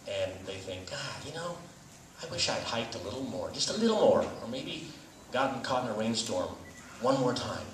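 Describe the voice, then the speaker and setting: A man's voice: on the low side, slight background noise. Earnest man giving a graduation speech. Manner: earnest, emphatic repetition. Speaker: commencement speaker. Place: graduation ceremony venue. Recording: echoey venue from far off.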